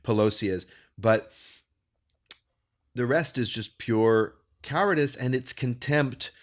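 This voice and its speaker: A man's voice: mid-range voice, slow pace. A man co-hosting a casual political podcast, speaking passionately and articulately, often repeating words as he builds a point. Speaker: podcast co-host.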